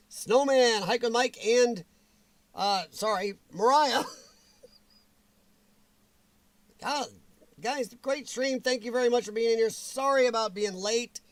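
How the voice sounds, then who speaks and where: A man's voice: very high voice, slow pace, long pauses, no echo. A man hosting a livestream in casual chat, greeting viewers by name and laughing often, his voice strained and weakened. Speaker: livestream host.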